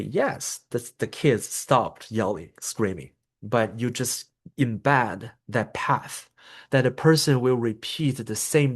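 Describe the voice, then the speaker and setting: Man explaining calm de-escalation steps. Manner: explanatory, acts out example scripts with raised pitch. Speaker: trainer. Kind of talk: professional development lecture.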